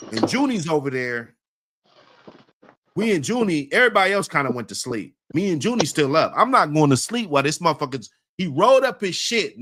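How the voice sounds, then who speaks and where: A man's voice: fairly high pitch, fairly bright tone, dry recording, studio quality. A man casually telling a long story in heavy slang, rambling with many fillers and laughing often as he talks.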